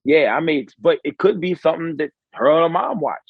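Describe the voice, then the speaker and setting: A man's voice: fairly high pitch, expressive, fairly quick, gravelly, slightly rough, no echo. A man co-hosting a podcast, telling stories in loose casual chat with plenty of swearing. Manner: loose storytelling with frequent swearing. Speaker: podcast co-host. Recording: dull lo-fi podcast audio.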